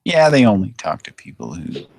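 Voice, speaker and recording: A man hosting a show in casual chat, relaxed, laughing easily and trailing off. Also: sits low, moderate pace, vocal fry, slightly rough, no room sound. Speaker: show host.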